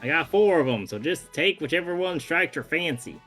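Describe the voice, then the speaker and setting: A man's voice: fairly high pitch, lively intonation, normal speed, a bit bright, soft background music. A man voicing a boastful cowboy fossil fighter in a put-on American Western drawl, reading game dialogue aloud. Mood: easygoing.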